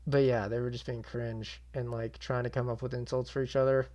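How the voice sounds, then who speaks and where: A man's voice: mid-range voice, level tone, brisk, darkish tone, muffled recording. A young man hosting his own channel, giving a casual reaction recap with blunt, swearing, exasperated commentary. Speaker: MMA channel host.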